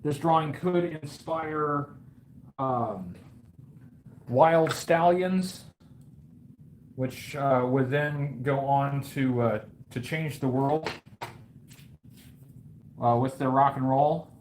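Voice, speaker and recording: A man's voice: mid-range voice, drawn-out words, long pauses, slight background noise, rough recording. A man hosting a toy review channel chats casually on a live stream while he draws. He jokes in a mock-grand, bragging way and rambles with many fillers.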